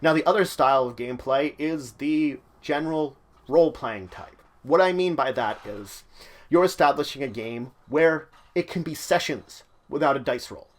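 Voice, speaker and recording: This channel host sounds a little high and speaks at a normal pace. His game-mastering advice comes across as relaxed, conversational teaching, peppered with frequent fillers.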